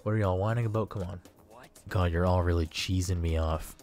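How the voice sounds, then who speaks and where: A man's voice: low voice, steady tone, brisk, darkish tone, lightly acted. A man reading the lines of a brash, hot-tempered young male delinquent character in a game. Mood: aggressive. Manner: rough, threatening. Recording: faint game music behind.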